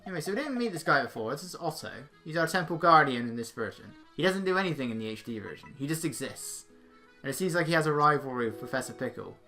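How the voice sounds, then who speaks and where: A man's voice: on the high side, animated, fast, sharp tone, faint music behind. Chatty man commenting on a game. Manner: chatty, laughs, reads game text aloud. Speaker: let's play host. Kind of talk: casual gameplay commentary.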